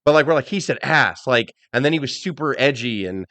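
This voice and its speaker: A middle-aged man co-hosting a casual wrestling podcast, telling animated stories, acting out quotes and swearing freely. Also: medium pitch, fast talker, no room sound. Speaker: podcast co-host.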